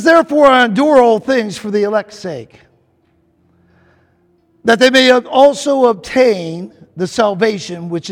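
A man's voice: very high-pitched, in a large hall. A man preaching a sermon, emphatic and repetitive, calling out to the congregation.

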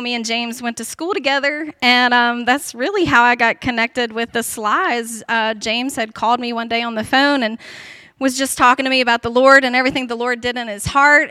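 A woman's voice: fairly high pitch, bright, forceful tone, clear, resonant tone, no echo. A woman, praying fervently and then sharing her personal testimony, emotional and close to tears at times. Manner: repetitive fervent prayer cadence. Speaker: guest speaker sharing testimony.

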